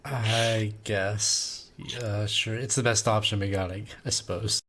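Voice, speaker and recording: A man's voice: on the low side, fairly even intonation, measured pace, fairly bright tone. A man playing a tabletop game, hesitant and full of fillers. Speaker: player. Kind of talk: casual tabletop play.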